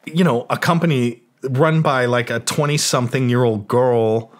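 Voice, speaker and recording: A man's voice: medium pitch, fairly even intonation, moderate pace. Rambling, foul-mouthed Canadian man. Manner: profane, rambling anecdotes full of fillers, acting out quoted voices. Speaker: guest, music producer and DJ. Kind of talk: casual storytelling in a podcast interview.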